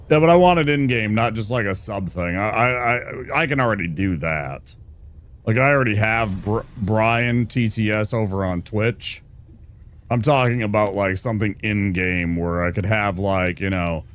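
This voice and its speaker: A man's voice: on the low side, normal speed. A male streamer giving casual gameplay commentary, rambling, laid-back and sweary.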